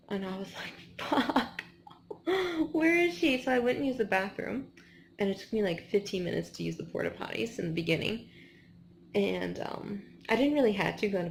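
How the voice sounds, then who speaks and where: A woman's voice: on the low side, creaky, darkish tone, slight background noise. A woman in her twenties chatting casually in a vlog after a race, tired and rambling with lots of "like" and restarts. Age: 20s. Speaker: vlogger.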